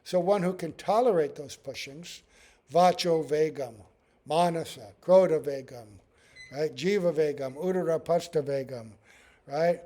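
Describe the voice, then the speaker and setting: High-voiced man giving a spiritual talk. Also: a little slow, dark tone. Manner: storytelling with acted quotes and frequent "right?". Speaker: spiritual teacher. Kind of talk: scripture class talk.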